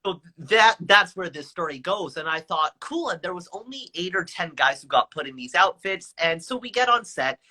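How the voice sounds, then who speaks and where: A man in his twenties, a guest telling stories in a live video chat with high energy and a playful, self-mocking manner. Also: animated, moderate pace, hardly any pauses, sharp tone.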